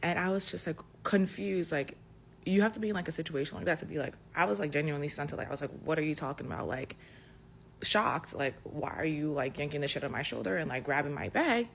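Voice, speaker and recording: A young adult woman casually telling a personal story, animated and dotted with "like" fillers. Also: deep voice, fast talker, vocal fry, a little hiss or hum. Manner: animated retelling, full of "like" fillers. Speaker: storyteller in a clip.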